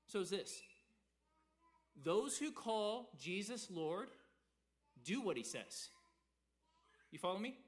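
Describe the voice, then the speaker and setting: A man from the South, preaching a sermon in an animated way, acting out quotes and repeating words as he goes. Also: sits high, slow pace, pauses often. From American South. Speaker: pastor.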